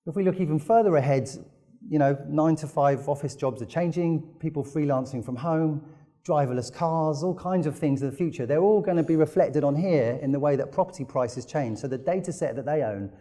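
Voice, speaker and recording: British guy giving a business talk, mellow tone, keen storyteller. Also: on the high side, a little fast. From United Kingdom. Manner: enthusiastic storytelling with frequent fillers. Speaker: conference speaker. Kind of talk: business presentation.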